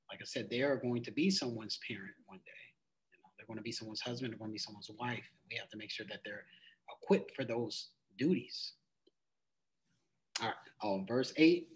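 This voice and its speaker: A man's voice: mid-range voice, low-quality recording. A man leading a casual Bible study, reading verses aloud in old-fashioned wording and then explaining them in loose, everyday talk full of "it's like.". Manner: conversational, loose phrasing with frequent "it's like".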